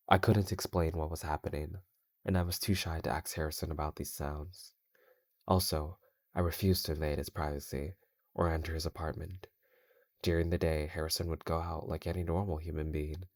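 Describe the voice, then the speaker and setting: A man hosting his channel, reading scary stories in a measured, steady way while he plays a game. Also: extremely low pitch, no echo, clean studio sound. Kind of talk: horror story reading while gaming.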